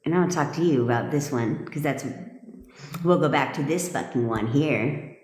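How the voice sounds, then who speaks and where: A woman's voice: rumbling low, normal speed, darkish tone. A woman manifestation coach talking to her live stream audience, blunt and emphatic, swearing freely. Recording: echoey room with long reverb.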